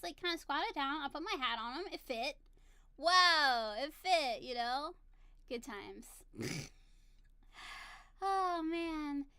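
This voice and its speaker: Woman, 30s, high pitch, bright tone, bubbly and giggly, casual vlog chat. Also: dry recording. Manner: bubbly, giggly, gushing storytelling. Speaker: vlogger.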